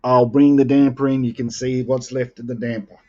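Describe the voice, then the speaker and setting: A man's voice: mid-range voice, level tone, moderate pace, darkish tone. Australian man, casual livestream banter, playful, muffled lo-fi sound. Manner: joking, teasing, playfully defensive. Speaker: livestream host. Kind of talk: casual live chat with viewers.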